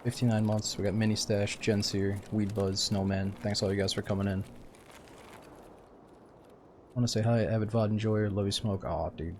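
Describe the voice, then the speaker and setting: A man's voice: fairly low pitch, fairly even intonation, a little fast, darkish tone, slight background noise. A man streaming a game, sleepy and laid-back, rambling casually and saying "dude" a lot. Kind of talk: casual gaming stream chat.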